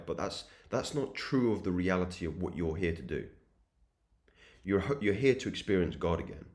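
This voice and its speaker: A man's voice: deep voice, darkish tone. A young man hosting a self-improvement channel, giving an earnest, preachy spiritual monologue that repeats its points in rhythmic lists. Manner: earnest, repetitive, preachy cadence.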